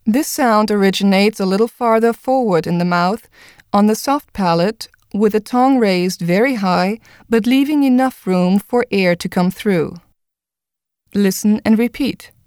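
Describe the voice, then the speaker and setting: A woman narrating a pronunciation lesson in a measured, scripted instructional style. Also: medium pitch, a little mellow, dry recording, studio quality. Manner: clear, measured explanation. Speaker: language instructor.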